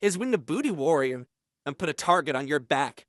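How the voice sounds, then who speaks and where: A sneering male prison officer with a Kentucky drawl talks down to everyone and calls them boy, put on by a man telling the story. The voice sits a little lower and stays dry, with no room around it. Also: big pitch swings, fairly quick, fairly bright tone, no room sound. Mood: mocking drawl.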